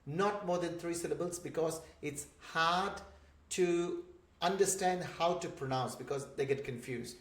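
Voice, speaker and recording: A man's voice: on the high side, moderate pace. A man from India with an Indian English accent, patiently explaining examples in an online course lesson. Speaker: instructor for migrant job seekers. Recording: roomy echoey room.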